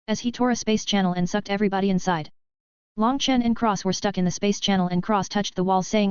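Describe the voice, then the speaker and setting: A woman giving steady, scripted narration of a web novel as an audiobook narrator. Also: mid-range voice, brisk, smooth, no echo. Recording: dry, slightly dull lo-fi recording.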